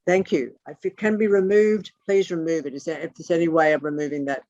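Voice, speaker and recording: Over a video call, a teacher gives an online lesson and stops to spell out each term letter by letter. The voice is mid-range and a little mellow with fairly even intonation, and the talk is blunt, sometimes profane. The audio sounds lo-fi, muffled, close, and dry with no room.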